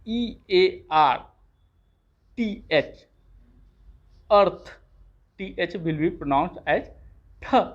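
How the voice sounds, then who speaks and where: Slow, deliberate teacher spelling words aloud for small kids, dull lo-fi sound. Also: mid-range voice, animated. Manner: spells words letter by letter, then says each word clearly. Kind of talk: slow phonics lesson for young children.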